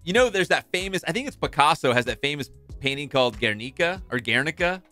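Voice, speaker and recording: Playful radio sports host, lively voice. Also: male voice, fairly high pitch, fast talker, faint music behind. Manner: playful, reads sponsor ads. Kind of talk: casual radio banter.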